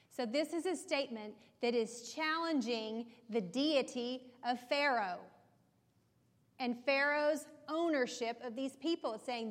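A woman's voice: sits high, measured pace. Woman teaching a Bible study in a hall. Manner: explanatory, conversational, checks in with listeners.

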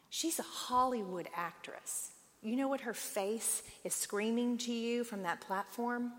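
A woman in her forties teaching a Bible study, lively and conversational, acting out the voices she quotes. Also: a little high, measured pace, in a large hall.

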